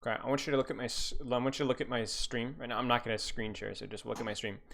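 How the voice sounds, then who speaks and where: A man's voice: medium pitch, steady tone, racing, creaky, fairly bright tone. Male coach, live-stream review. Rambling, teasing, restarts often. Mid-range voice.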